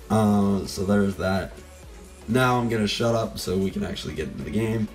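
A man's voice: fairly low pitch, a little mellow. A young man with a voice that is fading from illness, rambling and joking at his own expense while commentating on a shooter game. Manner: rambling, self-deprecating, jokey. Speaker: gameplay commentator. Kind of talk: live gameplay commentary.

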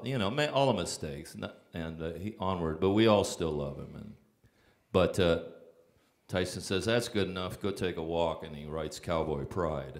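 A man, a songwriter, telling casual rambling stories on stage with frequent fillers and restarts. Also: low voice. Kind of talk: casual anecdotal storytelling.

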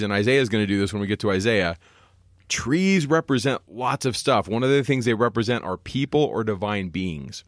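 A man co-hosting a scripture podcast, explaining verses in a casual teaching tone and slowing down to read passages aloud. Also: mid-range voice, no echo, studio quality.

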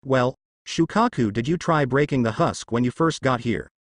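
A man voicing a calm, ancient male fox spirit who speaks in a measured way. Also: medium pitch, no echo, studio quality, lightly acted.

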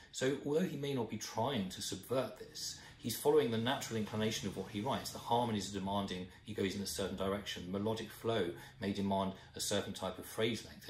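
A man's voice: lowish voice, slight background noise. British man explaining music, roomy. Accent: British English. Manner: thoughtful, explanatory, counts beats aloud. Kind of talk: informal music lesson to camera. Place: room at home.

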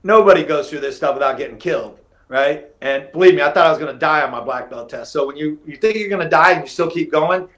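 A middle-aged man with a drawl tells old fight stories as a podcast guest. His voice sits slightly high, and he acts out each quote with gusto, cursing casually along the way. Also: fast talker, few pauses. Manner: animated storyteller who acts out quotes, swears casually. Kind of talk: casual storytelling interview.

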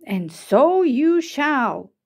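A woman voicing an enormous hairy female spider godmother, speaking loud, slow and solemn in a storybook read-aloud. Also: high voice, very animated, full character voice.

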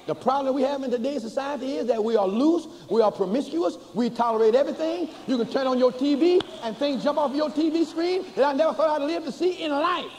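Older male preacher, high voice, church echo. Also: a little mellow. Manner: folksy, humorous, rising to slow chanted emphasis. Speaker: bishop preaching. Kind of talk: sermon. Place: large church before a congregation. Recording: hall reverb with faint ambience, cassette.

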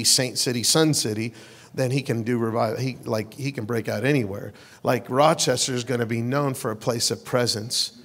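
A man in his forties preaching a sermon, joking with the congregation and building to loud, passionate peaks. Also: mid-range voice. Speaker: pastor. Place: church sanctuary. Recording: long church hall reverb.

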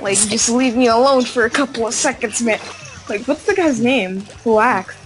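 A woman's voice: fairly high pitch, normal speed, poor audio. Playful woman teasing over game music. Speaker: co-player. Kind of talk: casual gameplay chat.

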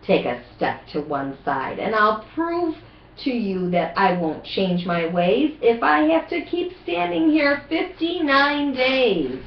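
A woman voicing a proud, stubborn north-going male Zax creature, talking in a slow, puffed-up manner. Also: big pitch swings, heavily acted. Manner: slow, low, puffed-up insistence. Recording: roomy, dull home recording.

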